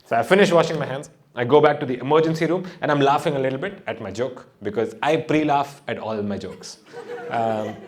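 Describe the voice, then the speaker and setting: A man's voice: medium pitch, fairly quick. A male stand-up comedian from India doing a live set, swearing freely and laughing at his own jokes. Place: comedy stage before a live audience. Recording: noisy live venue with audience laughter.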